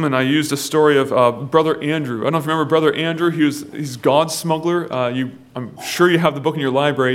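A man preaching a sermon, telling a story and building to loud, impassioned exhortation. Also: mid-range voice. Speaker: pastor.

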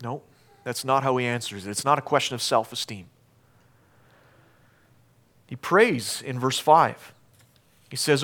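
A man preaching a sermon as pastor, emphatic, swinging between loud declarations and hushed lines. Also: medium pitch, a little slow, pauses often.

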